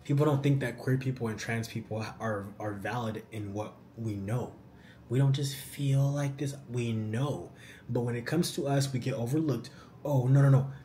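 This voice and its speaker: A young man answering viewer questions in a casual vlog, animated and slangy. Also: medium pitch, moderate pace, a little hiss or hum. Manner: animated, slangy, says "bro" often.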